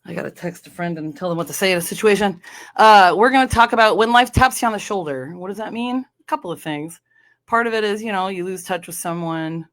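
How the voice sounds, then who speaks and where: A woman's voice: mid-range voice, fairly quick, fairly bright tone. A woman from North Dakota hosting her own podcast, talking casually in a meandering way, with many fillers and restarts. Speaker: podcast host. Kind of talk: casual solo podcast chat.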